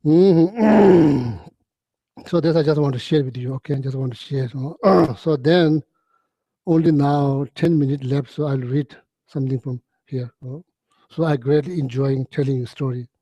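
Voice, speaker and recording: Mellow-voiced man telling teaching stories. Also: mid-range voice, dry recording, lo-fi sound. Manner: halting, repetitive phrasing with frequent "you know"; clears throat often. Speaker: Buddhist teacher. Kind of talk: storytelling dharma talk.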